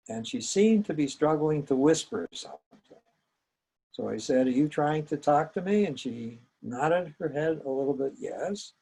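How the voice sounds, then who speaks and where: An older man, a psychologist, gently recounting a memory from his training, with small hesitations. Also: mid-range voice, vocal fry, husky, poor audio. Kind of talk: personal storytelling.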